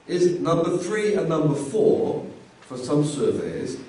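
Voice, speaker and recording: Male lecturer, casual classroom delivery, mellow tone, recorded from a distance. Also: a little high, very animated, slow pace. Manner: conversational, repeats words while thinking. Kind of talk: university lecture. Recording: echoey room, voice from afar.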